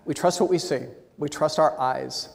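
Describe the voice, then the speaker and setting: A man giving a keynote speech at a meeting, with lively, shifting inflection. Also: on the high side, moderate pace, creaky. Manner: animated, expressive inflection. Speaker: motivational speaker. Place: large meeting hall. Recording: long hall reverb.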